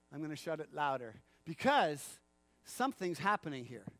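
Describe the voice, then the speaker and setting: A man preaching a sermon in a church, animated, acting out the quotes and laughing often. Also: high-pitched, no echo. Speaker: pastor.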